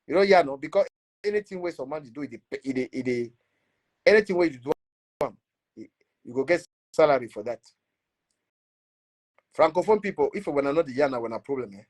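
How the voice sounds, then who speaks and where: A Cameroonian man, a blogger, scolding in animated Pidgin English and switching into French. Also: fairly high pitch, a little fast, pauses often. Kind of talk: ranting commentary.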